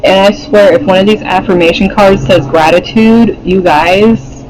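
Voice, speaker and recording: A man's voice: high voice, moderate pace, noisy background. A man doing a casual pick-a-card tarot reading, rambling with many fillers, swearing and laughing often. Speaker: tarot reader.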